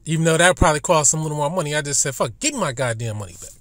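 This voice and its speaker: A man telling a profane story as a YouTube commentator, swinging between low muttering and loud outbursts. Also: animated, rapid-fire, no room sound.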